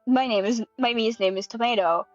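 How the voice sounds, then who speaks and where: A woman's voice: on the high side, no room sound, dull audio, faint music behind. A young woman reading a creepypasta aloud in a casual way, breaking off to laugh and comment. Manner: quick, giggly and sweary. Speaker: creepypasta reader.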